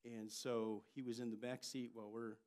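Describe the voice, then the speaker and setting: An older man, a pastor, preaching a sermon and telling family stories with lively jumps in loudness. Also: mid-range voice, normal speed, clean tone. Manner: storytelling, animated delivery with jumps in loudness.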